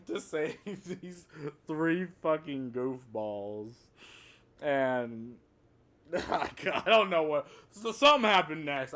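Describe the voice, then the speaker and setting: A man's voice: medium pitch, a bit bright. A man giving a casual, rambling movie review, swearing often and laughing at the plot.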